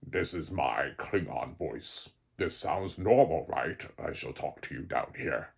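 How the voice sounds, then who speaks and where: A man imitating a young actor forcing a deep, deadpan alien voice. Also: measured pace, creaky, slightly rough, full character voice. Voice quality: forced low, flat, self-serious.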